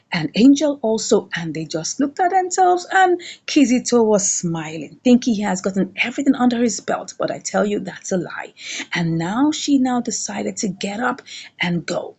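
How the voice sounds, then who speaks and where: Here a woman with a medium-pitched, darkish, slightly rough voice gives an animated recap of a drama series episode. She narrates it dramatically and poses rhetorical questions to her listener.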